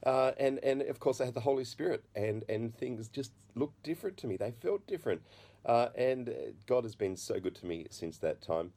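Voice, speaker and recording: A middle-aged man telling an earnest, halting testimony in a sermon, full of fillers and restarts. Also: medium pitch, expressive, dark tone. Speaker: preacher.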